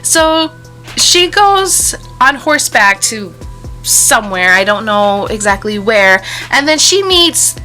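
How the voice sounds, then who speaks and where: Bright, animated young woman host. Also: a little high, takes it slowly, faint music behind. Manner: animated, sarcastic, laughs often. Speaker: movie review host. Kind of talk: casual film review chat.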